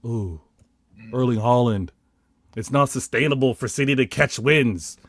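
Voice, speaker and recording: A man's voice: medium pitch, a little slow, no room sound. Emphatic Canadian man ranting as a football fan. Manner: emphatic, theatrical fan rant with mock indignation. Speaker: football podcast panelist. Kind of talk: casual football podcast chat.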